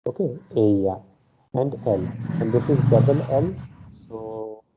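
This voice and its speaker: A man's voice: mid-range voice, a little slow, background noise. A man teaching a Spanish class online, explaining step by step and often checking in with an "okay". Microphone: video call. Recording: phone-like online class audio.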